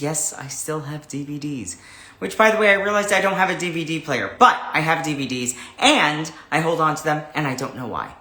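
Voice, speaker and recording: A man hosting a livestream, greeting viewers and chatting in a rambling, animated way before an interview. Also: sits high, roomy sound. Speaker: host. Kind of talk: casual livestream chat.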